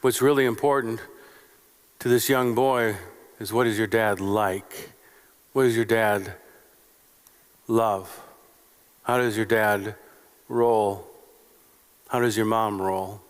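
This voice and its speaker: A man's voice: on the low side, fairly even intonation, slow, long pauses, clear, resonant tone. A male pastor preaching a sermon in short, repeated phrases and rhetorical questions. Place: church sanctuary. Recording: long reverb of a church sanctuary.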